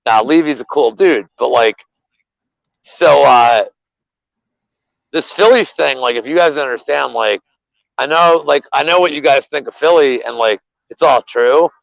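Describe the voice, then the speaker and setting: A man with a gravelly, creaky voice rambles through a profane sports rant as co-host of a betting show. He swears freely and gets worked up. The sound is dull and lo-fi, and very dry. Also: medium pitch, unhurried, dry recording. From Philadelphia area. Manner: rambling, swears a lot, animated rants. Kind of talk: casual profane sports chat.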